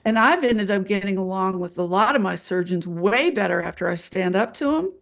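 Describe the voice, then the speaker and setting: A woman co-hosting a candid podcast conversation, a blunt and animated storyteller. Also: medium pitch, brisk, gravelly. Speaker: podcast co-host, nurse anesthetist.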